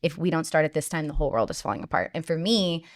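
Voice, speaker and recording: Casting: upbeat woman, 30s, lower-pitched, dry close mic, animated, chatty. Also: quick pace, no room sound. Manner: bubbly, animated, laughs often, many "like"s. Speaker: podcast guest, homeschooling mom. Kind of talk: casual interview chat.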